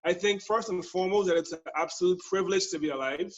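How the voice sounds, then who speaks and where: A middle-aged man from Saint Thomas in the US Virgin Islands, with the local accent, presents a webinar as a guest speaker and service consultant. He talks fast in a high voice, upbeat and jokey as he tells stories, over muffled webinar audio.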